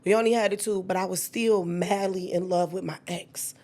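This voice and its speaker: A woman, telling her own story with candid feeling and acting out the quoted dialogue. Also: moderate pace. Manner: animated, acts out quoted dialogue with sudden high-pitched bursts.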